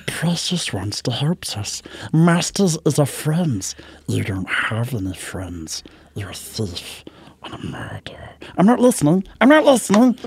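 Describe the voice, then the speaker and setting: Impression: a raspy, hissing creature, whispery and unhinged. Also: male voice, big pitch swings, measured pace, darkish tone, dry recording, exaggerated voice. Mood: creepy. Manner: switches between whisper and shrill cries. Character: creepy wretched male creature, split and hissing.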